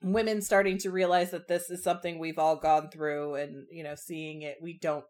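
A young woman co-hosting a casual book discussion podcast, speaking reflectively and candidly with drawn-out phrasing. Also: low-pitched, little pitch movement, darkish tone.

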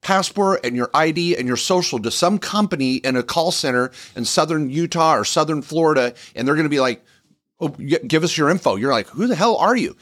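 A man co-hosting a business podcast, pitching services in an emphatic, animated way with many restarts. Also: no room sound. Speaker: podcast co-host, business lawyer. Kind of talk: casual podcast chat.

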